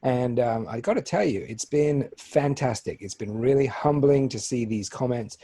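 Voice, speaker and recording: A man's voice: medium pitch, normal speed, dark tone, slightly rough. A man in his forties with an English accent, co-hosting a casual radio talk show in a joking, self-deprecating way. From England. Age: 40s. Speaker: podcast co-host. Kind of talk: casual chat.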